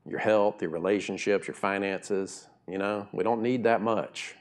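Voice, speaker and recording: A middle-aged pastor preaches a sermon conversationally, swinging between quiet, slow asides and loud, high emphatic bursts.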